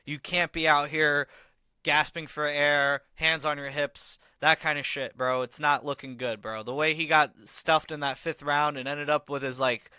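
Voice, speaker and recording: A man talks through a fight on his own podcast, rambling with plenty of fillers and casual slang. His voice is bright and crisp, and it sits close and dry on the mic with no room sound around it. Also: fairly high pitch, no echo. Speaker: podcast host. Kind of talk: casual fight analysis monologue.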